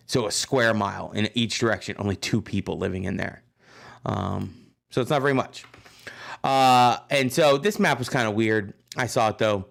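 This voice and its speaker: A man's voice: on the low side, creaky, fairly bright tone, smooth. A man teaching a casual history lesson, talking loosely and often checking in with his students. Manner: chatty, loose, checks in with "right?". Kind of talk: casual classroom lecture.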